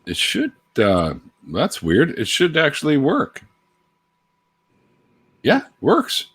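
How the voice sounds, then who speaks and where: A man's voice: fairly high pitch, huge pitch swings, slow pace, a bit bright, breathy edge. Laid-back tipsy man hosting a stream. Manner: rambling, laughs often, swears, greets viewers in stretched sing-song calls. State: drinking beer, a bit tipsy. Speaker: livestream host. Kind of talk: casual livestream chat.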